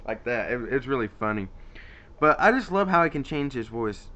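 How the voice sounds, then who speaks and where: A man's voice: medium pitch, expressive, moderate pace, bright, forceful tone, muffled recording. A man casually rambling about his favorite voice actors in an unscripted vlog, with lots of fillers and restarts. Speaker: YouTuber ranking voice actors.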